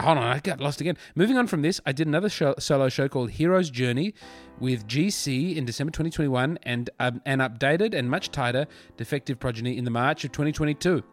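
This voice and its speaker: A man with a fairly high voice hosts a comedy podcast. He reads a letter aloud in a playful way and keeps cutting in with wry asides. Faint music plays behind him. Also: fairly bright tone. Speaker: podcast host.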